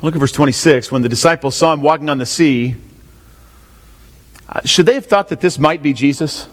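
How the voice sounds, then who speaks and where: In a slightly high voice and a bit quickly, a pastor delivers an expository sermon. Questions to the congregation and repeated key lines run throughout, and the room has a long hall reverb.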